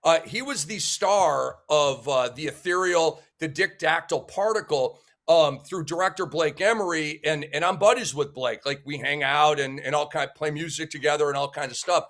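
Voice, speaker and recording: A male talk-show host with a higher-than-usual voice and a head cold. He rattles off guest credits with upbeat, teasing energy, full of fillers and quick restarts. The talk is casual and animated throughout. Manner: enthusiastic, jokey, with frequent fillers and restarts. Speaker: sports debate show host.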